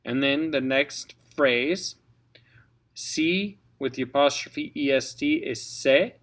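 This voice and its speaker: A man's voice: medium pitch, slow, a bit bright. A man coaching a choir on French diction, patiently spelling out letters and modeling each sound. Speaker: choir director. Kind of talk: French diction lesson for singers.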